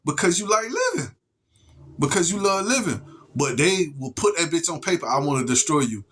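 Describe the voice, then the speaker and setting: A man's voice: sits high, lively intonation, fairly bright tone, a little hiss or hum. A man delivering a heated, profane monologue rant to the camera as a vlogger, repeating and restarting his words and stretching out wordplay. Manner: drawn-out wordplay, slows down.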